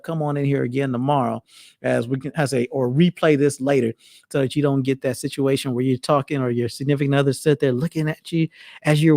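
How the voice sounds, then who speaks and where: Brief: mid-pitched male host, raspy fry, chatty, repetitive delivery. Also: darkish tone, dry recording, studio quality. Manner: rambling, repetitive restarts. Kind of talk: casual monologue.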